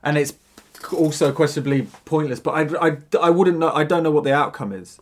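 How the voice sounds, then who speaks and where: A man's voice: on the high side, a little fast. A man in casual conversation about his own project, hesitant and repeating words as he thinks aloud. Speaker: maker discussing his project.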